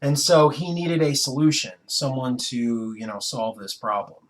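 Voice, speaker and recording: A man's voice: mid-range voice, expressive, normal speed. A young man co-hosts a loose, joking conversation full of crude asides. His delivery rambles, with restarts as he spins out the bit. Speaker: co-host. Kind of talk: casual chat.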